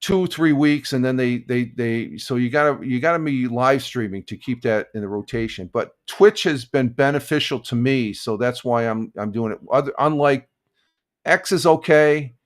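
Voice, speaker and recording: A man's voice: mid-range voice, normal speed. An older man chatting on his morning live stream in an easygoing, rambling way. He stops and restarts sentences often and chuckles between thoughts, with a mid-range voice. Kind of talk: casual morning chat stream.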